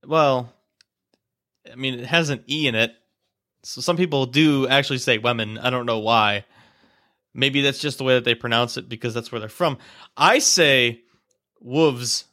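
A man's voice: mid-range voice, normal speed, long pauses, sharp tone. A man with an Ohio accent hosting a podcast, joking through casual banter. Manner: joking, playful. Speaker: podcast host.

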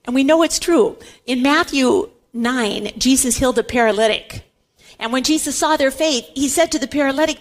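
A woman's voice: high voice, moderate pace. A woman giving a Catholic Bible teaching talk, emphatic and repeating words for stress.

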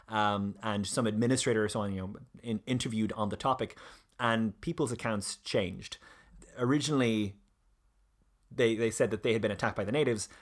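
Man, mid-pitch, casual podcast presenter, halting delivery full of ums and restarts. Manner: hesitant, many fillers and restarts. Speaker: presenter of a history discussion.

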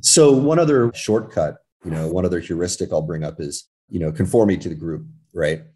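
Deep, mellow-voiced American man telling stories. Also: brisk. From California, United States. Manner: animated storyteller, frequent fillers. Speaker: podcast guest. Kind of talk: casual conversation.

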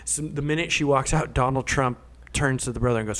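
A man's voice: mid-range voice, fast talker, a bit bright. A man telling stories in casual podcast chat, swearing freely and acting out the voices of people he quotes.

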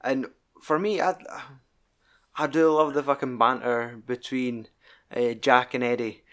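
A man talks through a film in loose, rambling chat, swearing freely. His voice sits at an everyday middle pitch, and he piles clause on clause as he recalls scenes. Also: fairly even intonation, unhurried, a bit bright. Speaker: podcast co-host. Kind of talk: casual film review chat.

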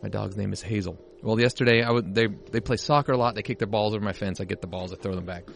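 A man's voice: lowish voice, fast talker, gravelly. A man co-hosting a podcast in casual chat, swearing and telling stories with jokes. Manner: crude, joking storyteller. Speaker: podcast co-host. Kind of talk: casual chat over a film.

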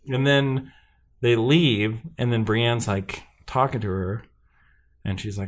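A man's voice: mid-range voice, fairly even intonation, slow. A man in casual chat, animatedly recapping a TV episode and acting out the characters' lines. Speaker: podcast co-host recapping a TV episode.

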